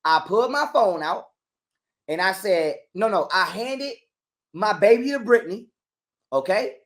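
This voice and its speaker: A man telling a long story in a casual interview, animated and full of cursing and repetition. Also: sits high, measured pace. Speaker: guest telling his story.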